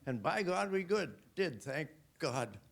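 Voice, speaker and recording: A man on a panel recalling a baseball season, talking earnestly with many filler pauses. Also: a little high, big pitch swings. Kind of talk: reminiscing on a panel. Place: hotel event room.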